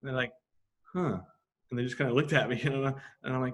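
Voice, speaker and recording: A man's voice: medium pitch, fast talker. A middle-aged man, a graffiti artist guest on a podcast, telling stories in casual, profane chat and acting out the back-and-forth of conversations. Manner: animated, acts out quoted exchanges, swears casually.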